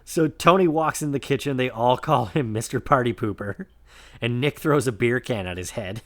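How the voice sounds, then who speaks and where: A man's voice: mid-range voice, moderate pace, a bit bright. Laid-back man recapping a sitcom. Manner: laid-back, recaps scenes, many agreeing yeahs. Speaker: podcast co-host. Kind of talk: casual chat reviewing a sitcom episode.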